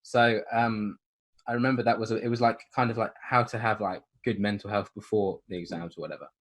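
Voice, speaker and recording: A young man, co-hosting a casual podcast, relaxed, laughing often and trailing off. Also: lowish voice, fairly quick. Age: young adult. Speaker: podcast co-host. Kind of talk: casual chat.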